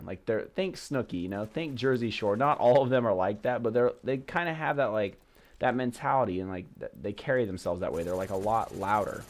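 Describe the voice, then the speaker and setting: A young man from the West Coast chatting casually in a vlog, rambling with lots of "like" and "you know". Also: mid-range voice. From Portland, Oregon, US West Coast. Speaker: vlogger. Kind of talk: casual travel vlog chat. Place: away on a work trip.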